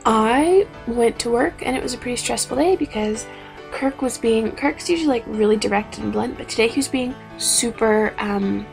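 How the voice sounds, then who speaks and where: Chatty young woman with gravelly voice. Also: moderate pace, faint music behind. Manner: animated, chatty, acts out quotes in higher voices. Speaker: vlogger. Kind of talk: casual storytelling vlog.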